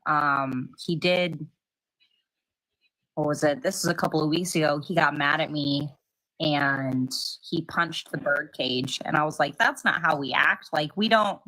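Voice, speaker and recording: Rambling woman telling a story, lowish voice. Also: measured pace, pushed and bright, rough recording. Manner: rambling storyteller, heavy on filler "like". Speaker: parent on a radio talk panel. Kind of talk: casual chat.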